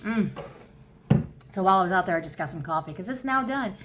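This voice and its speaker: A woman in her fifties chatting casually at home for her crochet vlog, rambling and easily excited. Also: medium pitch, a little fast, heavy background noise. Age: 50s. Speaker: crochet vlogger. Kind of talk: casual chat.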